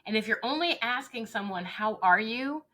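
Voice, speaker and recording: In this interview, a woman who coaches leaders talks with earnest emphasis, frequently playing out brief exchanges. Her pitch sits fairly high, her tone is sharp, and she keeps an animated, moderate pace.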